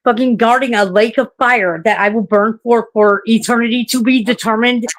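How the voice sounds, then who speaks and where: A woman's voice: on the high side, fairly even intonation, moderate pace. A woman in a live stream debate, talking bluntly and heatedly with a lot of swearing.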